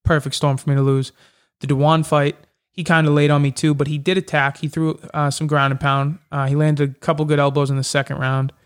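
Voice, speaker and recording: A man with a slightly higher than usual voice talks casually in an interview. He is a fighter who tells his stories fast and loosely. He fills his sentences with casual fillers. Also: little pitch movement, clear, resonant tone. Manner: chatty, quick storytelling with many fillers. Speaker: MMA fighter.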